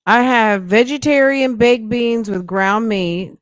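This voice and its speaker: Casting: woman, streamer host, sharp mocking reactions, dry close sound. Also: a little high, slow, hardly any pauses, no echo. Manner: blunt, mocking, talks back at the clip. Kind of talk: casual reaction commentary.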